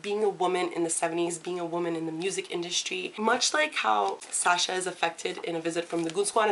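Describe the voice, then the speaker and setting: Lower-voiced woman gushing about books. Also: a little hiss or hum. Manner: enthusiastic, gushing with fillers. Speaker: book vlogger. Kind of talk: casual book review.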